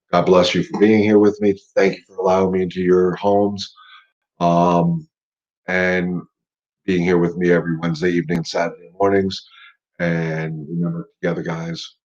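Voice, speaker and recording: During a casual live-stream dog-training Q&A, a middle-aged man coaches emphatically, going over his points more than once. He speaks in a low, steady, slightly mellow voice at normal speed, pausing often, and the audio sounds dull.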